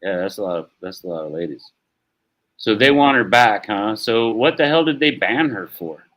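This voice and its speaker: A man's voice: lowish voice, animated, moderate pace, a bit bright, rough recording. A man hosting a live stream, chatting casually about sports in a rambling, laid-back way and swearing now and then. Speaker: stream host.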